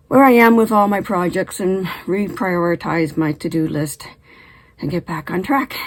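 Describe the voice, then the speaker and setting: A woman's voice: mid-range voice, rough recording. A woman hosting a casual knitting vlog from her home in Canada, chatting in a friendly way and sounding a little short of breath, with the odd cough. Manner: friendly, chatty, occasional coughs and throat clearing. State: short of breath after illness. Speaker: knitting channel host.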